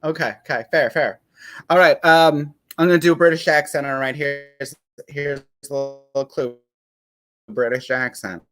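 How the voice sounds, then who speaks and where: A man's voice: on the high side, moderate pace, a bit bright, dry recording, low-quality recording. A man performing in an online cabaret, joking crudely with the others on a video call. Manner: playful, crude banter. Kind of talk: online cabaret chat and sung clue.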